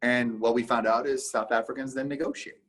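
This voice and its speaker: Canadian-born guy on a business podcast, husky voice, pushy and emphatic, acts out whole convos. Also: mid-range voice, fairly even intonation. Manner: emphatic, acts out conversations in quick back-and-forth. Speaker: guest, business speaker. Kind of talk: casual podcast interview.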